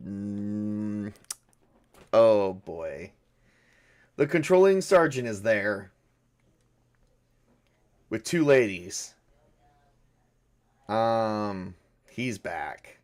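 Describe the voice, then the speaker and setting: A man's voice: lowish voice, lively intonation, slow, long pauses. A man running a solo tabletop game, thinking aloud in a rambling, self-correcting way. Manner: rambling, self-correcting, chuckles at own jokes. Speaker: game master.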